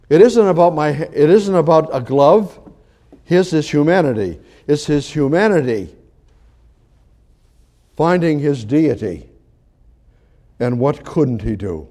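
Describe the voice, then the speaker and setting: A man's voice: medium pitch, animated, measured pace. Man preaching a conversational sermon. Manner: conversational Bible teaching, repeats phrases, swings from loud emphasis to quiet asides.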